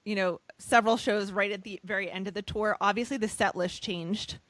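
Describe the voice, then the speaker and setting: An enthusiastic woman hosts a podcast interview and winds through long, loosely built questions. Her voice sits at a middle pitch and is recorded close and dry, with no room sound. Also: steady tone, brisk, a bit bright, no room sound. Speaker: podcast host. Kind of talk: conversational interview.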